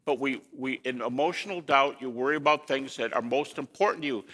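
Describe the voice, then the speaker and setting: A man giving a lecture to an audience in an animated way, with rhetorical questions and folksy asides. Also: mid-range voice, fairly quick, in a large hall.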